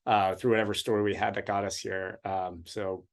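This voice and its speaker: A man, a running coach hosting an interview, asking long questions haltingly with frequent restarts. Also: on the low side, flat delivery.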